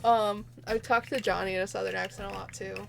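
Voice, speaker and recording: A woman's voice: mid-range voice, fairly even intonation, quick pace, gravelly, faint music behind. A woman streamer chatting casually while playing a game and reading its lines aloud.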